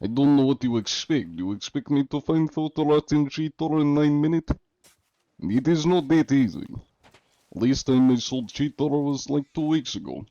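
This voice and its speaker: A man voicing a big gruff Russian cheat hunter in a mock Russian accent, speaking blunt broken English. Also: fairly high pitch, moderate pace, mellow, dry recording, highs cut off, pitched above the performer's own voice, natural voice. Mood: gruff, indignant.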